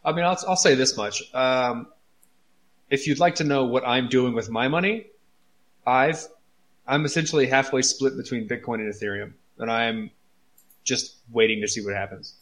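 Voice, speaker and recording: Man, mid-pitched voice, casual podcast talk, restarts and repeats words. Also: normal speed, a bit bright. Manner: thinking aloud, repeats words. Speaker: podcast co-host. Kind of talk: casual chat.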